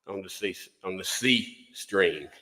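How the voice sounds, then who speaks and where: Older man, sixties, drawl, folksy rambling host, bright voice, reverberant room. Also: deep voice, slow. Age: 60s. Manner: rambling, folksy, repeats words. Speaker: livestream host, music instructor. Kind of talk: casual livestream chat.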